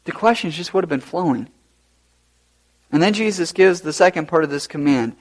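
Animated high-voiced male pastor preaching. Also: moderate pace, pauses often. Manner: animated, rising to loud emphasis. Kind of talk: sermon.

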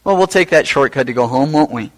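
A man preaching a sermon as pastor, rising to loud emphatic peaks and then dropping low and quiet. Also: animated, fast talker, poor audio.

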